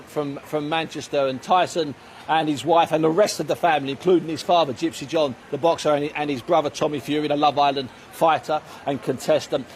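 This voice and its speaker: High-voiced, lively storytelling man. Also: slight background noise. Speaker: boxing reporter. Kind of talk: radio sports chat.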